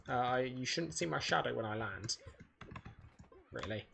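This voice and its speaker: A man's voice: mid-range voice, lively intonation, normal speed, gravelly, background noise. A man giving casual speedrun commentary while playing, rambling and correcting himself as he thinks aloud. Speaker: gaming video creator.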